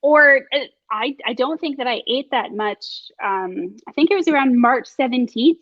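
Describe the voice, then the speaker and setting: A chatty, reflective woman hosts a casual talk, her voice a little high. The sound is dry and a bit dull, like a lo-fi mic close up. She laughs often as she thinks aloud. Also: expressive, normal speed, no room sound. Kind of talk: casual conversation.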